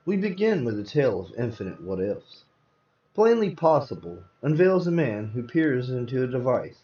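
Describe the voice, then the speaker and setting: A man hosting a live show, reading comic book tales aloud with dramatic storytelling. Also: medium pitch. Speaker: host and reader. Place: virtual-world live event. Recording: roomy, distant, dull sound.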